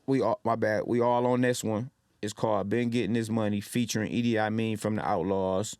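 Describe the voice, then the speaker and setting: A man in his thirties from Detroit, telling lively stories as a podcast guest and acting out what people said. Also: lowish voice, fairly quick, dry recording, studio quality. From Detroit, Michigan. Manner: animated storyteller, loud when acting out quotes. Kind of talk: casual storytelling.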